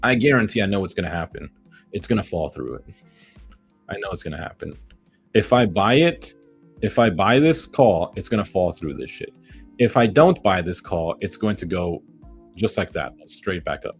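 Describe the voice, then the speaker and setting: A man's voice: low voice, animated, normal speed, faint music behind. A man giving live commentary on his day trades, ranting at the market with heavy profanity and sarcastic self-mockery.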